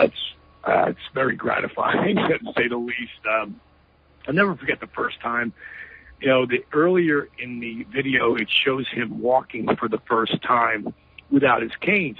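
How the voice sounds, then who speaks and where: A man's voice: medium pitch, vocal fry, slightly rough. A man being interviewed, telling a story emphatically with lots of "you know" fillers over a phone line. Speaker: interview guest.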